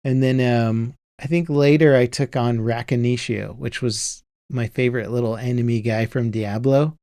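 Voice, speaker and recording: A man in his thirties hosts a casual gaming podcast, drifting through nostalgic stories with plenty of ums and restarts. His voice sits at an ordinary middle pitch. The close mic leaves no room sound. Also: normal speed, dry recording. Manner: relaxed, rambling, nostalgic storytelling with many fillers. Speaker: podcast host. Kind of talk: casual chat.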